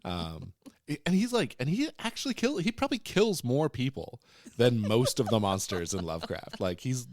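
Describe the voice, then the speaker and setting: A man's voice: medium pitch, sing-song, normal speed, a little mellow, no echo. A man co-hosting a podcast, retelling a story in casual chat and breaking into playful silly voices for the characters. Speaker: podcast co-host.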